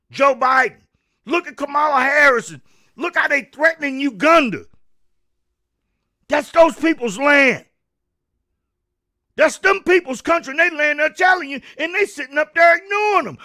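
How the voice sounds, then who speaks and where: A man hosting his own show, delivering a fired-up political rant that repeats words and bursts into shouting. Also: very high-pitched, animated, unhurried. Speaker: show host.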